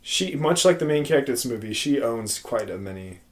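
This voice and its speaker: A young man co-hosting a podcast in loose, casual chat. He jokes crudely and laughs often, at a middle pitch. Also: animated, brisk. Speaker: podcast co-host.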